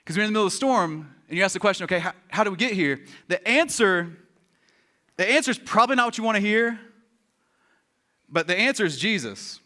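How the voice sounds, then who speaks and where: High bright animated preacher man. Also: quick pace. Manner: animated storytelling, acting out voices. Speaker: pastor. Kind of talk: sermon.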